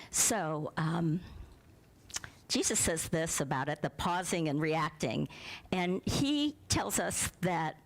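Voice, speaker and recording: Woman minister, middle-aged, slow unhurried sermon, chatty, asks the room questions, sometimes goes almost to a whisper. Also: medium pitch. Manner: conversational, asks the congregation questions; drops to a soft near-whisper at times.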